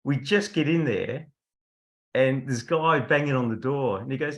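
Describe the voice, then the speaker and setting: A man's voice: mid-range voice, unhurried. A man, a veteran football umpire, telling anecdotes casually on a video call. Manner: chatty anecdotal storyteller, laughs at his own stories.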